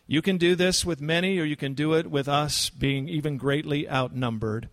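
A man's voice: fairly high pitch, normal speed. A man preaching an expository sermon in a conversational, earnest manner, lifting his voice for emphasis. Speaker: pastor.

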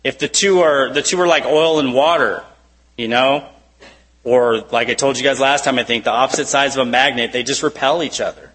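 A man preaching a sermon with a bright, forceful voice. His delivery is conversational and full of "you know" asides. He keeps asking rhetorical questions. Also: mid-range voice, brisk, rough recording. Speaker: pastor.

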